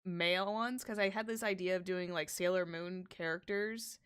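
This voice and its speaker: A woman's voice: on the low side, steady tone, moderate pace, a bit bright, clear, resonant tone. A woman streamer hosting a casual chat while drawing, rambling freely with plenty of restarts. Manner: rambling, chatty. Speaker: streamer host.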